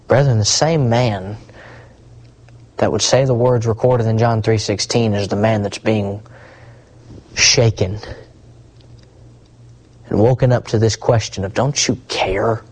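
A man preaching a sermon, swinging between hushed asides and rising, emphatic repetition. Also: on the low side, steady tone, measured pace, pauses often, low-quality recording.

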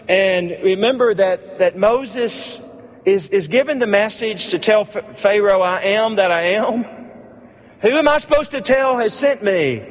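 A man with a high voice delivers an emphatic sermon, hammering on repeated phrases. He sometimes drops his voice low and soft. A long reverb from a large hall trails behind every word. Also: slight background noise. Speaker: preacher.

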